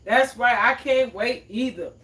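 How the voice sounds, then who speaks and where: A chatty woman hosts a cooking livestream, answering her viewers' comments in a fairly high voice. She sits back from the mic in a roomy, echoey kitchen. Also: unhurried, fairly bright tone. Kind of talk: casual livestream chat. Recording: echoey room, mic at a distance.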